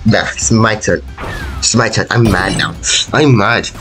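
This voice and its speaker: A man giving casual, excitable gameplay commentary as host of a gaming channel, trash-talking in slang. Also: lowish voice, unhurried. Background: loud game music.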